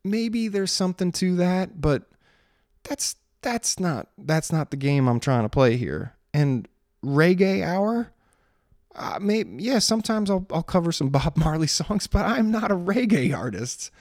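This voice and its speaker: Dry, gravelly-voiced casual man. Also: fairly high pitch, lively intonation, unhurried, darkish tone, no echo. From Maryland. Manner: rambling, self-interrupting, sarcastic about spam. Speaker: singer-songwriter vlogger. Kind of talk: casual chat.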